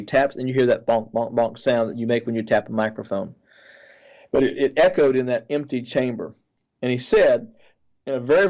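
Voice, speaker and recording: A man of middle pitch telling a dream in an earnest, halting storytelling way and often restarting his sentences. The recording sounds a bit dull and lo-fi. He speaks as a pastor sharing a vision. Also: a little mellow. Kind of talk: recounting a prophetic dream.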